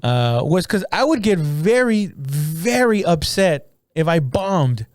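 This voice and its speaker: A man, a stand-up comic, chatting crudely on a podcast, laughing often and telling animated stories. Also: a little high, takes it slowly, no echo, clean studio sound. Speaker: podcast co-host. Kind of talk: casual comedian chat.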